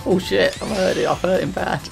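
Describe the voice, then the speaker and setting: A man's voice: high voice, fairly even intonation, fairly quick, gravelly, faint music behind, poor audio. A young man playing through a game on a let's-play, often puzzled, laughing and asking what to do. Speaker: player in a gameplay video. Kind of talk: casual let's-play banter.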